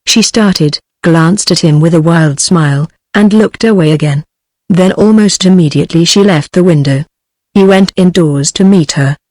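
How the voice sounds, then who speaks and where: A synthetic woman's voice with a British accent giving a text-to-speech narration of a story, in an even, flat delivery. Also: on the low side, moderate pace, no echo.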